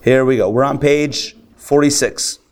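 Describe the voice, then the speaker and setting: A man teaching a live class as a rabbi, animated, acting out the voices of people he describes. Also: mid-range voice, measured pace. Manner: animated, acts out excited and grumbling voices. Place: lecture room with a live audience.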